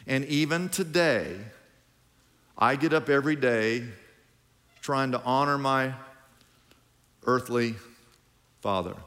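Man, pastor, sermon, bright and forceful voice, slow and drawn out, long hall reverb. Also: mid-range voice. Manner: animated preaching with repetitions and call-and-response.

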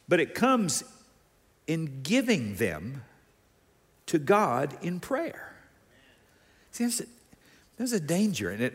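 Animated male pastor in a reverberant church. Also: high-pitched. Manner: animated, shifts between soft and emphatic. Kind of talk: sermon.

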